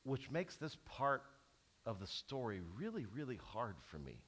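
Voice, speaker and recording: A middle-aged male pastor giving an animated sermon, stumbling and restarting often as he tells a story. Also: mid-range voice, moderate pace.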